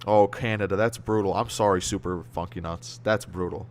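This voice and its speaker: A man's voice: deep voice, steady tone, fairly quick, few pauses. A young American man streaming and chatting casually with viewers. He talks in rambling, slang-heavy bursts, often trails off mid-word and laughs easily. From United States. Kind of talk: casual livestream chat reading viewer comments.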